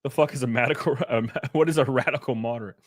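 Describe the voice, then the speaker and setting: A man's voice: medium pitch, quick pace, dry recording, studio quality. A young man streaming casual commentary, reading chat messages aloud and reacting with swearing and laughter.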